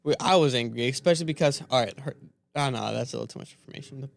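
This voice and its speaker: A young man in easy podcast chat, his voice at an ordinary middle pitch. He tosses in wry one-liners and trailing remarks, then settles into telling a story at a relaxed, conversational pace. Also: creaky. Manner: wry asides and interjections, quick trailing remarks. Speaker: podcast co-host. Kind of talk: casual chat.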